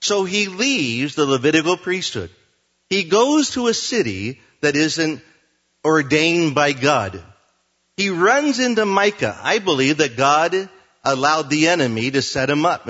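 A male pastor preaching a sermon, reading scripture slowly and then explaining it in plain words. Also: a little high, big pitch swings, a bit bright, lo-fi sound.

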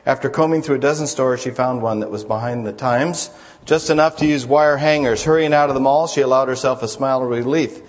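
A man's voice: medium pitch, steady tone, brisk. A man preaching a sermon as a pastor, telling jokes to the congregation in a folksy storytelling manner. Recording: long hall reverb.

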